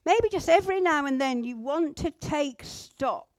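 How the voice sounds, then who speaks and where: A woman teaching a group how to pray, gentle and instructive, with pauses. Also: sits high, lively intonation, no room sound. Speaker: church group leader. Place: indoor room with a group at tables.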